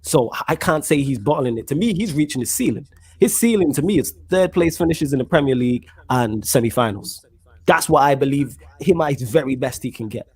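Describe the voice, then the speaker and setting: Man, husky voice, quick slangy podcast chat. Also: mid-range voice. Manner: slangy, animated, reads out viewer comments. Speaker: podcast co-host. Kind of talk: casual football podcast chat.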